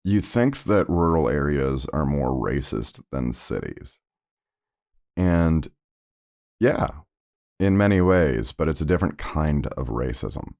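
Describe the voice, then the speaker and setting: A man's voice: extremely low pitch, animated, slow, vocal fry, a little mellow. A man hosting a podcast, telling personal stories in a conversational, rambling way with lots of fillers. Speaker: podcast host.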